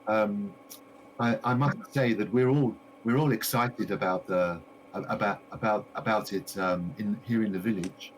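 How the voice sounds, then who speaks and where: A man voicing a fussy middle-aged village shopkeeper woman, chattering and repeating himself in a raised falsetto. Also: steady tone, normal speed, a little hiss or hum, lightly acted, rough recording. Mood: nosy.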